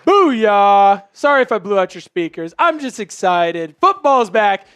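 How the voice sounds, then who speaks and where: A high-pitched man hosts a live football stream, chatting with viewers and his co-host. He is jokey and energetic, and he shouts when his team scores. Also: normal speed, a little hiss or hum. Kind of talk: excited live game commentary and chat. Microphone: headphones with mic.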